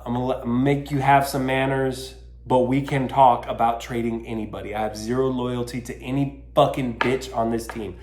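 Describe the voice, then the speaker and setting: A frustrated man vents on his own podcast, cursing and mocking himself as he rants. His voice sits at an ordinary middle pitch. The room around him rings with noticeable echo. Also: a little mellow. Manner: exasperated, swearing, self-mocking. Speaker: podcast host. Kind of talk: casual solo podcast rant.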